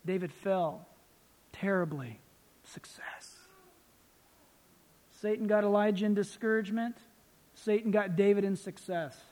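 A man preaching a sermon as pastor, animated and acting out little scenes. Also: sits high, moderate pace, in a large hall.

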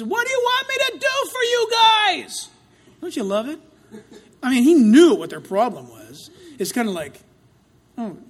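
A man preaching a sermon, swinging between loud outcries and hushed asides, with a dramatic delivery. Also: extremely high pitch.

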